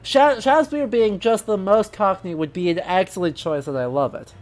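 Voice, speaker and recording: A woman's voice: medium pitch, normal speed, a little mellow, faint music behind. A woman streamer talking casually while playing a game, in a chatty, rambling way that keeps correcting itself. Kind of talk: casual gaming stream commentary.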